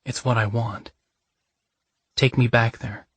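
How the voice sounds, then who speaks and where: A man's voice: medium pitch, fairly even intonation, slow pace, husky, dry recording. A man voicing a frightened, bitter young woman in a romance audiobook, speaking with pleading emotion. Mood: soft, tender. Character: young woman, frightened then tender lover.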